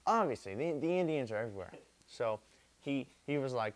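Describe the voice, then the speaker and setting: A man's voice: mid-range voice, animated, brisk. A young man retelling history drunk, rambling and repeating himself, swearing constantly and using street slang. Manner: profane, repetitive, street slang. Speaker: drunk storyteller.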